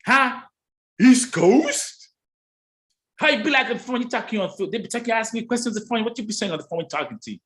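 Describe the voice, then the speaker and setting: A man's voice: high voice, animated, rapid-fire, few pauses, bright, forceful tone. A man with a Kenyan accent hosting a live stream, chatting casually and teasing his viewers. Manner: teasing, playful, bantering.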